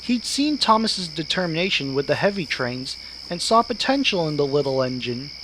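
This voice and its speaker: A man narrating a children's railway storybook in a lively, expressive reading. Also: a little high, moderate pace, noisy background. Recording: music playing behind.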